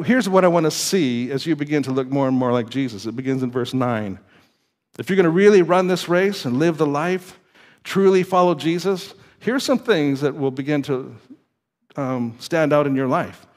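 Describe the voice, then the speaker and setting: Pastor, male, fairly high voice, animated sermon delivery, builds from soft to emphatic. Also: normal speed. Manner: lively, swings from quiet to emphatic, with laughs and stumbles. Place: church.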